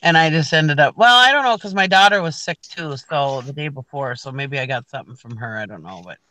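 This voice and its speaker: A woman's voice: sits low, expressive, a little fast, bright, forceful tone. A middle-aged woman co-hosting a casual morning show, telling a long story with lots of restarts. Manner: rambling storyteller, frequent restarts. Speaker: co-host. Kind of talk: casual chat.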